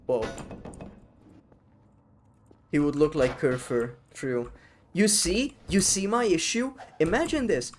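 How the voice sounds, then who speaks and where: A man's voice: fairly high pitch, lively intonation, slow pace, long pauses, noisy background. A man live-streaming a game, chatting casually with his chat, rambling and swearing freely.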